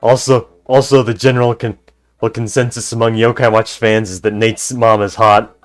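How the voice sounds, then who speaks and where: A man's voice: on the low side, little pitch movement, moderate pace, faint music behind. A man livestreaming a video game, chatting casually in a rambling, easygoing way with frequent restarts. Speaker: gaming streamer. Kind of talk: casual livestream chat reading.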